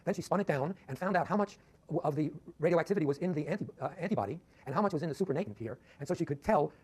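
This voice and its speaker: A man's voice: on the high side, lively intonation, rapid-fire, a little mellow, slightly rough. A man giving a university physics lecture in a lecture hall, rambling with many restarts and chuckling at his own asides.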